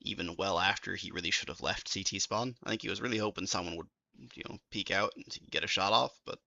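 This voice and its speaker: A man's voice: sits low, vocal fry, sharp tone, no echo, dull audio. A man casting an esports match, breaking down rounds and reading out stats in casual analytical chat. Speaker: esports caster. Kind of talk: analysis commentary.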